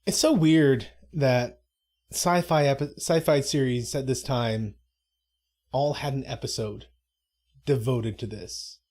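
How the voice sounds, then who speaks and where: A man's voice: medium pitch, slow pace, darkish tone. Man, live stream co-host, rambling chat, dramatic put-on asides. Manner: rambling, self-interrupting, mock-dramatic quotes. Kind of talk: casual live commentary chat.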